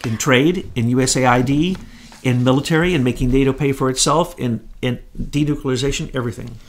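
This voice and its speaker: A man's voice: medium pitch, brisk. A man co-hosting a political commentary chat, emphatic and scornful in his delivery. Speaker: co-host.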